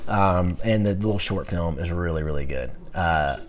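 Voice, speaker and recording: Teaching a Bible class, this man keeps things conversational and animated, trading back and forth with his students. His voice is low-pitched and he speaks at a normal speed.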